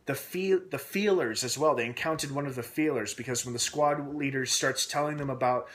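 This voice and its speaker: A man's voice: medium pitch, brisk, fairly bright tone. Rambling male TV recap host. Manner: rambling, with many "uh" fillers and restarts; asks himself questions aloud while speculating. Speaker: TV episode reviewer and channel host. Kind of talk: casual recap vlog.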